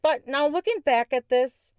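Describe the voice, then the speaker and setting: A woman hosting a podcast, telling a personal story in a candid way, swearing freely and jumping up in pitch for emphasis. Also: normal speed, darkish tone, no room sound. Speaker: podcast host. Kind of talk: casual storytelling.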